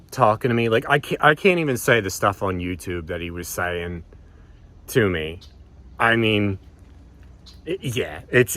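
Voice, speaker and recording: Low-pitched, with a pushed and bright delivery, a man vlogs about his own experience. The story rambles, the swearing flows freely, and he restarts sentences again and again amid ums.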